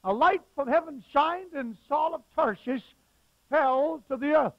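A man preaching a sermon as a pastor, with emphatic stresses that suddenly grow loud. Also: extremely high pitch, unhurried, no echo, lo-fi sound.

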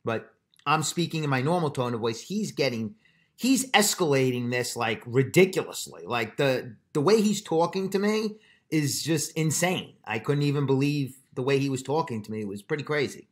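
A man's voice: mid-range voice, expressive, moderate pace. A man who runs a construction business, telling a frustrating story in a casual vlog with emphatic, exasperated retelling and mild slang.

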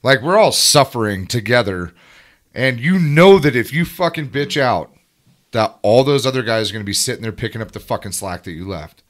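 A tradesman in casual podcast chat, emphatic and profane as he talks about work. His voice sits at an ordinary middle pitch. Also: expressive, moderate pace, a bit bright. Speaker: podcast guest, welder.

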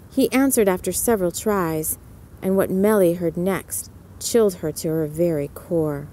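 A woman narrating a story in a soft whispered role-play, lifting her voice for the characters. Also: mid-range voice, a little hiss or hum.

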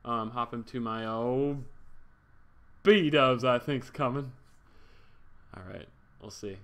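A young man hosts his game livestream with a bright, ringing voice. He chats casually, cracks goofy jokes and stops to thank viewers. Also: mid-range voice, slow. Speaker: streamer.

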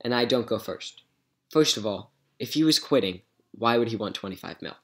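A man's voice: on the low side, animated, moderate pace, fairly bright tone. A man recapping a chat with a scammer for his gaming channel, chatty and amused, with lots of "um"s. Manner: chatty, retells messages with "so I go", many "um"s. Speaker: gaming YouTuber. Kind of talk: casual recap vlog.

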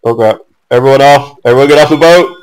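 A man's voice: medium pitch, fast, rough recording. A young man giving casual commentary on his own strategy game match, swearing often and venting at his opponent.

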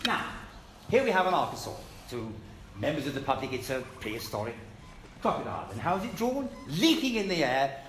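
A man's voice: on the high side, a bit bright, a little hiss or hum. A British man giving an emphatic, scornful public lecture to an audience in a hall. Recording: echoey hall with faint ambience.

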